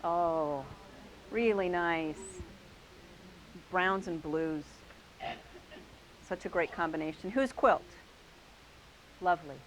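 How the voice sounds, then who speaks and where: A woman's voice: lowish voice, slow, pauses often, low-quality recording. A woman hosting a quilting class, showing quilts to a live group and praising each one with enthusiasm. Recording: faint hiss.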